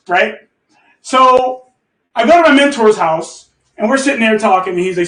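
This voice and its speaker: A host with a very high voice tells his community a casual story at normal speed. He's animated, swears freely, laughs a lot and keeps asking "okay?", while a distant mic picks up his voice echoing around the room.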